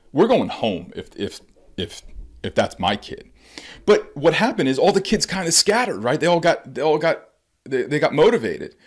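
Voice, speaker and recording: A man giving a conversational instructional talk to parents as a baseball coach and educator, acting out quotes as he goes. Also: mid-range voice. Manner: animated, conversational, acts out quotes.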